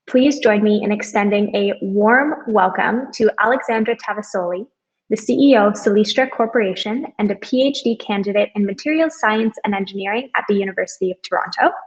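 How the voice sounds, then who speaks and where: A woman's voice: mid-range voice, a little fast, highs cut off. A woman hosting an online event, giving friendly announcements and reading out introductions with occasional ums. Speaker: event host.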